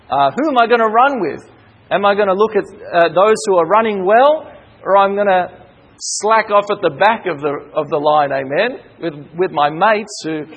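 A man's voice: sits high, a bit bright, slightly rough, lo-fi sound. A man preaching a sermon, asking rhetorical questions and calling out for amens, drawing out key words and often stumbling over fillers. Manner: slows and stresses key words, with hesitant fillers. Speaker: pastor.

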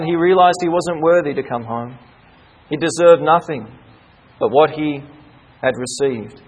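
A man delivers a sermon in a high, husky voice. He preaches earnestly, stressing key words and building through repetition. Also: a little slow, rough recording.

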